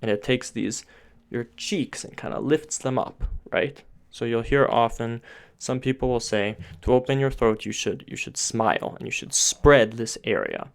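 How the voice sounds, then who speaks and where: Gravelly and medium-pitched, his voice moves at a moderate pace with few pauses. He teaches singing technique step by step, frequently restarting sentences as he thinks aloud, and points with his hands to his throat and face.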